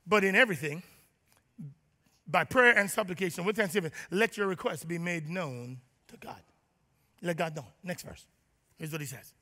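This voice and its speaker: A pastor preaching a sermon. He acts out his listeners' prayers and swings between loud declarations and near-whispers. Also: high voice, moderate pace, pauses often, in a large hall.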